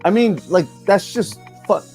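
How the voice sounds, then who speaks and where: A man's voice: high-pitched, a little slow, a little mellow, soft background music. A man hosting a casual podcast chat, ranting with exasperation and a lot of profanity. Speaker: podcast host.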